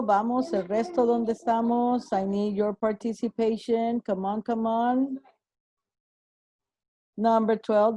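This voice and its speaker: Bilingual woman teacher, slow and dry. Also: mid-range voice, darkish tone, no room sound. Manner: switches between English and Spanish, encouraging; praises students by name. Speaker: English teacher. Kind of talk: online class teaching.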